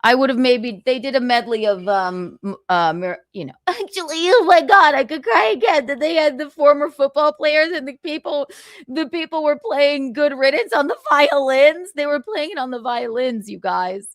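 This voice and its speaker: A brash, profane woman hosts a casual livestream and reads her viewers' comments aloud, giggling often. Her voice sits a little high, and the close mic keeps the sound dry with no room echo. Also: normal speed. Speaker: livestream host.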